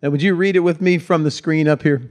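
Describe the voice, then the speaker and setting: A man's voice: a little high, fairly even intonation, fast, darkish tone. Folksy man preaching a sermon. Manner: conversational, folksy preaching with humor. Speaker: pastor.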